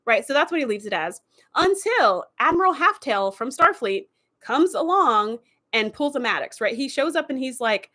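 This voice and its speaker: A woman hosting a live stream, talking in a fairly high voice. She recaps TV episodes in a chatty, animated way. She keeps dropping "like" and "you know" as she goes. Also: normal speed.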